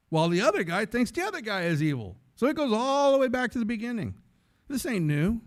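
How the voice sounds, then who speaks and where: A man from San Antonio, a former radio host, telling stories as a guest speaker in a lively, conversational way and acting out the voices in them. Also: high-pitched. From San Antonio, Texas. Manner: animated, conversational storytelling that acts out the voices in it. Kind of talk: storytelling sermon talk.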